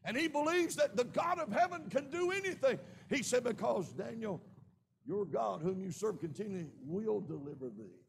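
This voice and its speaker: High-pitched Southern preacher, gravelly. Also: male voice, animated, normal speed, a little hiss or hum. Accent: Southern American. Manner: preaching with rising shouts and frequent amens. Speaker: pastor. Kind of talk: sermon. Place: church sanctuary.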